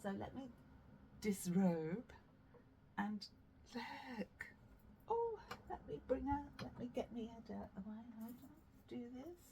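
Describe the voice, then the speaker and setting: A woman's voice: on the high side, animated, unhurried, pauses often, warm tone. A woman chats to camera about her knitting in a rambling, self-deprecating way, full of ums and little asides. She drifts back from the camera mic now and then, and there's a faint hiss under her voice. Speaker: knitting podcast host. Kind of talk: casual chat to camera.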